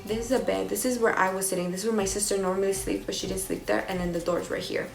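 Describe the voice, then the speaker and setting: A young woman, casually telling a personal story to camera in an animated, slangy way. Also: medium pitch, fast, creaky, reverberant, faint music behind, rough recording. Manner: animated, swears freely, slangy. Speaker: vlogger.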